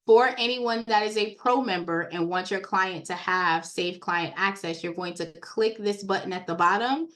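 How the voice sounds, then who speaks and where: A woman giving a casual, chatty walkthrough of credit repair software on a screen share, talking straight to her viewers. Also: mid-range voice, moderate pace, hardly any pauses. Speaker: software trainer.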